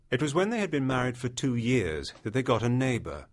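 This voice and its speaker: A man reads a classic short story aloud at a measured pace. His voice sits at an ordinary middle pitch. He tells the tale with steady care. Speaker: audiobook narrator. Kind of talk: literary audiobook narration.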